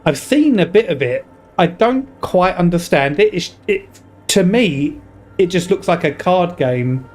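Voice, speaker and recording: A young man chats through a game stream in a fairly high voice, laughing often and drifting into asides to his viewers. The talk is loose and rambling, with faint music under it. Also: lively intonation, measured pace, a little mellow. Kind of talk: casual gaming commentary.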